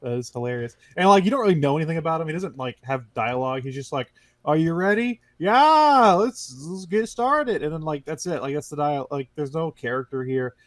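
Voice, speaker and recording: A man's voice: medium pitch, quick pace, few pauses, dry recording. A man hosting a casual gaming podcast, telling stories animatedly and laughing often. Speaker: podcast host. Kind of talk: casual chat.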